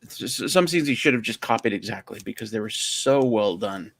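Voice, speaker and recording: A man's voice: fairly low pitch, lively intonation, fairly quick, vocal fry, no room sound. A man co-hosting a livestream, chatting casually and rambling as he searches for words. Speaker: livestream co-host. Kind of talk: casual chat.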